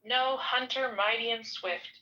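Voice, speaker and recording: A woman's voice: fairly high pitch, fairly even intonation, pushed and bright. Woman reading archaic text solemnly, lo-fi. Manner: slow solemn recitation with stumbles over names. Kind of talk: reading a ritual text aloud.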